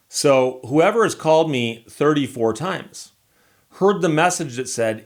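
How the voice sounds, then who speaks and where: A man's voice: on the high side, lively intonation, moderate pace. A man, a lawyer hosting his own channel, telling a story in a casual, wry and exasperated way.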